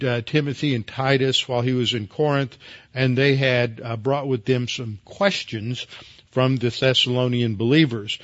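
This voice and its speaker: A man preaching as a pastor in a measured teaching sermon, often pausing with fillers and restarting his words. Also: mid-range voice, no room sound, lo-fi sound. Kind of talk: expository Bible teaching.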